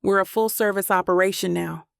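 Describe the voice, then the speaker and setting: A woman reads as a playful young father, teasing and easygoing in a romance audiobook. The voice has a gravelly edge and sits in a middle range. The sound is dry and close. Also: medium pitch, steady tone, a little fast, no room sound, close to an everyday voice.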